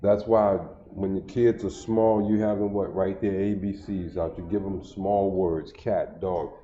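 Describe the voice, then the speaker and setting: A man's voice: low-pitched, steady tone, unhurried, dark tone. A middle-aged man teaching a class, repeating points in a call-and-response cadence. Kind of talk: classroom-style instruction, livestreamed. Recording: echoey room, dull lo-fi stream audio.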